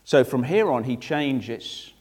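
A man preaching through a Bible passage, conversational and animated, acting out the verses with asides to his listeners. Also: medium pitch, takes it slowly, breathy edge. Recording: long reverb of a large hall.

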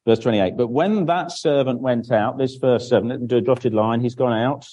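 A man with a mellow, dark-toned voice gives a children's Bible talk in church. He keeps the explanation simple, asks the children questions and answers them himself, and often restarts his sentences while he draws. His pitch sits in an ordinary middle range for a man. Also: moderate pace, husky, dull audio. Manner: draws on a board while speaking, with frequent restarts.

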